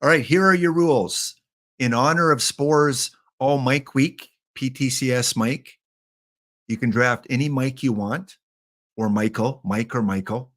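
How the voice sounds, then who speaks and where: A man at a mid-range pitch hosts a game live stream in a loose, chatty way. He jokes and calls out viewers one by one as he goes. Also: measured pace, fairly bright tone. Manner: chatty, joking, addressing chat by name. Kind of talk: casual live-stream chat.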